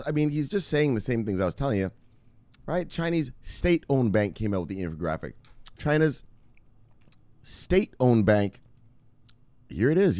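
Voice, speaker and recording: A man hosting a casual crypto news vlog, excitable and profane, with frequent laughing asides. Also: medium pitch, no room sound. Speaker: host.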